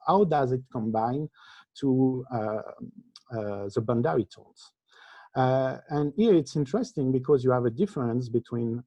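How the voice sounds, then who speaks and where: A man presenting an academic lecture over a video call, halting often with filler sounds. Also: mid-range voice, dark tone, dry recording. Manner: hesitant, frequent filler sounds. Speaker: conference presenter.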